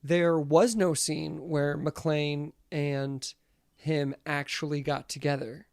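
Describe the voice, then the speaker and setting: A woman's voice: deep voice, level tone, slow pace, a little mellow, no echo. Woman podcast co-host, chatty and profane, in a dry close sound. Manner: chatty storyteller, swears freely. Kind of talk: casual chat.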